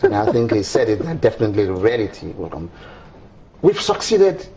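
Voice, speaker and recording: A man, an ambassador speaking deliberately on a TV panel. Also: fairly low pitch, big pitch swings, gravelly, a little mellow, slight background noise. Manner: deliberate, stumbling over names. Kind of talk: TV panel discussion.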